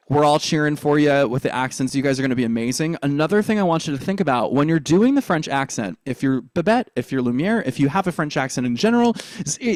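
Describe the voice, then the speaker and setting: A man coaching performers through an accent lesson, upbeat and encouraging, sweeping his voice high and low as he demonstrates. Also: a little mellow, no room sound, clean studio sound. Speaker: drama coach.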